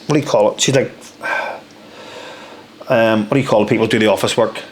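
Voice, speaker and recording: A man in his thirties with a Northern Irish accent, telling a story as a podcast guest in an animated way, swearing freely and saying "mate.". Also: on the low side, a little fast, slight background noise. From Northern Ireland. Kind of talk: casual storytelling. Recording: roomy echo, faint ambience.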